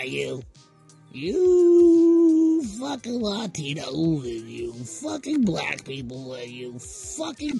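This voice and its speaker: A man's voice: creaky, a little mellow, heavily acted. A man playing a ranting rich tycoon. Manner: blustering, shrill outbursts. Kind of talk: comedic voice acting.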